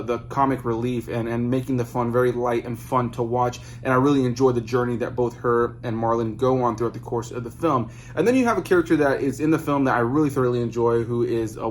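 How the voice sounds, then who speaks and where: A man's voice: mid-range voice, slight background noise. A man hosting a movie review, talking in an earnest, rambling way.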